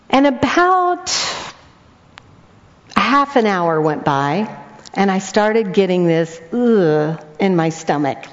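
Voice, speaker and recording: An older woman, a grandmother, preaches a sermon built on storytelling, animatedly performing every character's voice and dialogue. She speaks slowly in a mid-range voice. The sound is dull and lo-fi, with a long hall echo.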